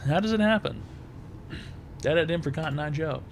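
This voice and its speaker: A man hosts a call-in advice show in a blunt, crude rant, repeating his points over and over. His voice is bright and forceful. A faint ambient hum sits behind him. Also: a little high, animated, moderate pace, long pauses. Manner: crude, emphatic, repeats himself.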